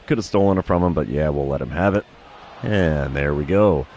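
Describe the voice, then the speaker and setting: A man streaming a baseball video game, calling each pitch like an announcer with dry self-deprecating asides. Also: fairly quick, darkish tone, slight background noise. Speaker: gaming streamer. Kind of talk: play-by-play commentary of his own video game.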